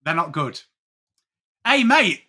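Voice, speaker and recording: A man's voice: a little high, very animated, slow, sharp tone, a little hiss or hum. An English man hosting a casual live sports watchalong, chatting with viewers and greeting them by name. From England. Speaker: livestream host.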